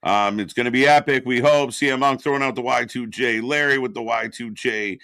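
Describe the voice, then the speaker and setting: On a live stream watching wrestling with a co-host, this man talks loosely, laughs a lot, and shouts out chat viewers by name. His voice is mid-range, brisk, and creaky, with a bright, forceful tone and no echo.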